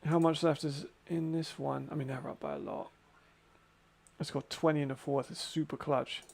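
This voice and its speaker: A man with a high voice calls an American football game as he watches it. He is excitable, quick to laugh and swears freely, moving between play calls and loose chat. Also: creaky, slightly rough. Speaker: football watch-along host. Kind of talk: excited live commentary and chat.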